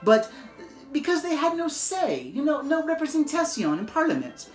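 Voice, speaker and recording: A woman playing a quirky male history professor who tells the story in halting, broken grammar. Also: sits high, very animated, echoey room, soft background music. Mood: animated.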